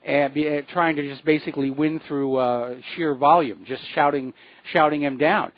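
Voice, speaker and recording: A man hosting a call-in radio talk show, explaining his views in a measured way with frequent fillers. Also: a little high, fairly even intonation, no echo, muffled recording. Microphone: studio microphone.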